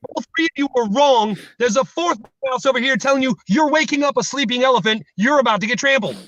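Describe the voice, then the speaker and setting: A man, a guest, telling jokes and stories in an animated, comedic casual chat over a remote line. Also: extremely high pitch, quick pace, dry recording, muffled recording. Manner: joking, animated storytelling.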